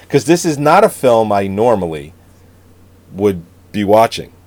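A man's voice: lowish voice, slow, dry recording. A man co-hosting a casual movie review chat, joking, swearing and telling stories. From Italian-American family background. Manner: profane, joking, animated storytelling. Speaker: podcast co-host.

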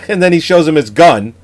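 A man's voice: a little high, very animated, unhurried. A man co-hosting a casual movie-review podcast who laughs often, swears freely and reads from his notes. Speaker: podcast co-host.

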